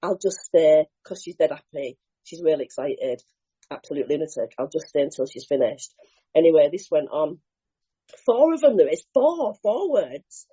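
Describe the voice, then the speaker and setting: A husky, dark-toned woman tells her recovery story with big swoops in pitch, candid and full of slang. The recording is dull and lo-fi, as if captured at a meeting. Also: moderate pace. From Bristol, England. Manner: lively, candid, acts out scenes with swearing and slang. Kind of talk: animated personal storytelling.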